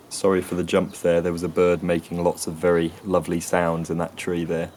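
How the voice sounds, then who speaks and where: A man presenting an educational talk to camera outdoors, measured and explanatory, often correcting himself. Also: low-pitched, monotone, darkish tone, slight background noise. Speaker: video presenter on accents. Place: outdoors near a tree with birds.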